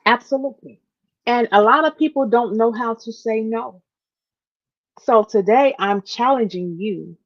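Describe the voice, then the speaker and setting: A woman's voice: fairly high pitch, animated, unhurried. A woman hosting a podcast, talking to her listeners with heartfelt emphasis, repeating phrases and calling them y'all, close to tears. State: near tears. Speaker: podcast host. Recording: dull lo-fi audio.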